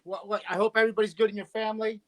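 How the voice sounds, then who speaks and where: A man's voice: high voice, little pitch movement, racing, fairly bright tone. A man calling in over a video call for a casual chat, telling joking stories with lots of restarts. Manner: joking, rambling storyteller with many restarts. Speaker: guest friend calling in.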